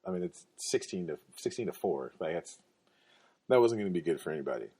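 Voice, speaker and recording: A man's voice: deep voice, lively intonation, brisk, mellow, husky. A man hosting a podcast, telling a story in a casual, slangy, rambling way. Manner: laid-back, slangy, rambling with restarts and fillers. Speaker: podcast host.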